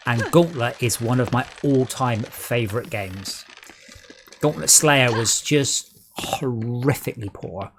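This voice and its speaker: A man's voice: mid-range voice, unhurried, noisy background. A man chatting wryly and sarcastically while streaming a video game. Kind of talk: casual gaming chat.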